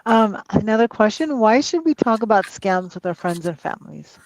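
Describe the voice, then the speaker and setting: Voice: medium pitch, very animated, normal speed, no echo, poor audio. A moderator posing questions in a conversational Q&A, with brief affirming responses.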